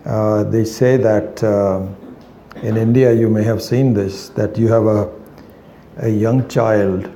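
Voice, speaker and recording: A man giving a spiritual lecture, rambling and hesitant, weaving in anecdotes with many pauses and fillers. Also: on the low side, warm tone, reverberant, a little hiss or hum. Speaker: spiritual teacher.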